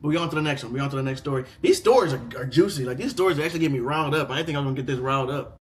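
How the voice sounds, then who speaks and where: Young man, casual reaction host, reads stories aloud, fairly high voice, excitable, repetitive, cursing. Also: rapid-fire. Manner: excitable, repeats himself, swears freely, swings from loud outbursts to low mutters.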